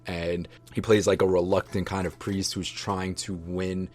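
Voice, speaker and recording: A man's voice: low voice, level tone, a little slow, faint music behind. A man casually rambling through a movie review for his viewers, loose and enthusiastic, with many fillers and restarts. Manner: enthusiastic, affectionate toward viewers. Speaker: vlogger reviewing books and movies.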